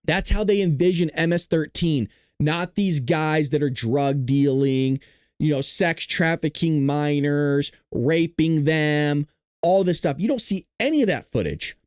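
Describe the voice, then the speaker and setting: A man hosting a political commentary show who talks bluntly, swears, and gets animated. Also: on the high side, measured pace, smooth, no room sound, clean studio sound. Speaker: host.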